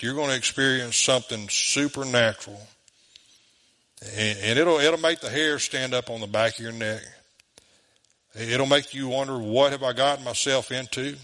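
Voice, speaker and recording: A man's voice: mid-range voice, bright, forceful tone. A man preaching a sermon in a folksy, conversational way, chuckling often. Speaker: pastor.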